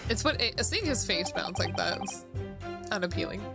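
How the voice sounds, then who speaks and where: A woman's voice: mid-range voice, animated, moderate pace, gravelly. A woman streamer casually commenting on a game, in a blunt, sweary, amused manner. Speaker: VTuber streamer. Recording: background music.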